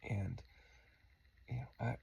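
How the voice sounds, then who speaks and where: A man's voice: takes it slowly, mellow. A tired man hosting a late-night tutorial, rambling and self-mocking, often sinking into a mumble. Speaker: host.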